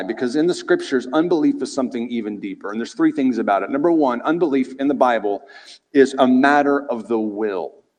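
A male preacher giving an expository sermon in a conversational, animated way, asking the listeners rhetorical questions. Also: medium pitch. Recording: reverberant hall.

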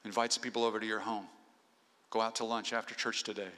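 A man with a lowish, level voice speaks fast, his tone pushed and bright. He is a pastor preaching an earnest sermon in a church sanctuary, urging the congregation on point by point, and the recording carries a long hall reverb.

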